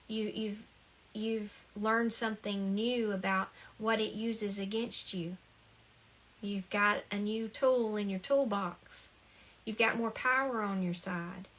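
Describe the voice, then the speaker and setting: Her mid-range voice is a bit bright. She is a spiritual talk host giving a casual, earnest, encouraging self-help talk on the ego, frequently repeating her phrases with light laughter.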